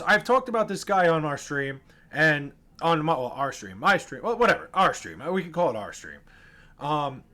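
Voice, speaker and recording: A man telling sports fan stories to the camera in a casual, animated and profane way, acting out the people he met. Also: sits high.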